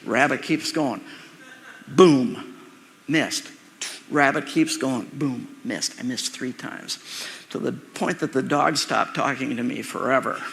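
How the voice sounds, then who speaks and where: A man preaching a sermon, telling a personal story in an animated way and acting out its sounds and voices. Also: mid-range voice, takes it slowly, creaky. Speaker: pastor. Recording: reverberant hall recording.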